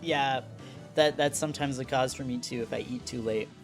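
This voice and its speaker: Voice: mid-range voice, normal speed, faint music behind. A young adult streamer chatting casually with viewers in a slangy, self-mocking way. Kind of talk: casual live-stream chat.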